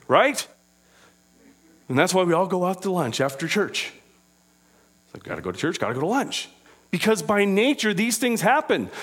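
A man preaching a sermon as pastor, acting out small scenes and dropping low and quiet for scripture readings. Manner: animated preaching with acted-out impressions.

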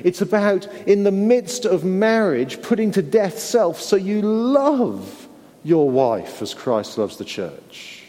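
A man's voice: high voice, sing-song, takes it slowly, mellow. A man preaching a sermon in an earnest way, often repeating words and asking his listeners tag questions. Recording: long hall reverb.

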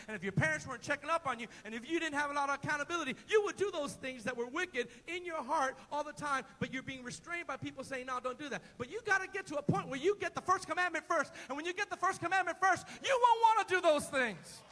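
A man's voice: very high-pitched, bright, forceful tone, long reverb tail, rough recording. A man preaching a sermon as pastor in a church, emphatic and repetitive, calling on the congregation to answer back. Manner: emphatic call-and-response preaching.

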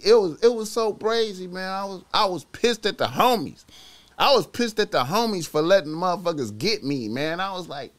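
A man streaming to his chat, rambling through a profane, slangy story that drops to low mumbles and jumps to loud outbursts. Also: moderate pace. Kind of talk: casual rambling monologue.

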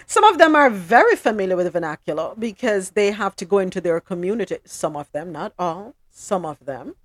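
A Jamaican woman talks through the news on a podcast, emphatic and animated, slipping into patois now and then. Her voice sits at an ordinary pitch. The recording is dry, with no room sound. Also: no echo. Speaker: podcast co-host. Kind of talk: casual news commentary.

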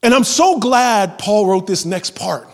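A man preaching a sermon, a pastor who moves between loud emphasis and hushed whispers and acts out everyday prayers in a conversational voice. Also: high voice, expressive, measured pace. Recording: long hall reverb.

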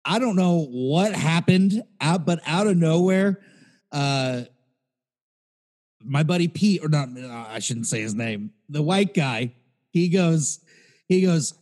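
A man's voice: fairly high pitch, lively intonation, slow pace, a little mellow, big-room sound. A man co-hosting a podcast, telling a rambling, profane story in casual chat. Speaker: podcast co-host.

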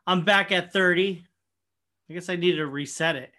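A young man casually telling a profane, animated story, full of fillers and quoted asides. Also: high voice, normal speed. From Michigan, USA. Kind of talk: casual anecdote chat.

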